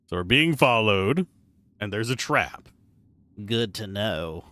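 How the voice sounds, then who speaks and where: A man's voice: lowish voice, lively intonation, slow, bright, forceful tone. A man streaming a game, giving wry, rambling casual commentary.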